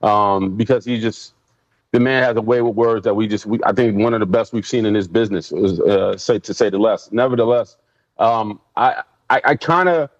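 Speaking fairly low and at an even, moderate clip, a man who once played in the NFL recounts stories in an easygoing interview. He animatedly impersonates others, pitching their quotes louder. The sound is dry, dull and lo-fi.

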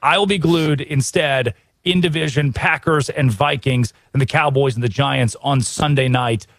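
An American man hosting a sports talk show, energetic and opinionated, full of rhetorical questions. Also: medium pitch, normal speed, dry recording. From United States. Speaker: radio sports host.

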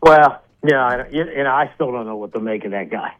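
A man's voice: medium pitch, a little fast. A man co-hosting a casual podcast, hesitant and stammering, often repeating himself. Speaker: podcast co-host. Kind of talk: casual chat. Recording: dull lo-fi sound.

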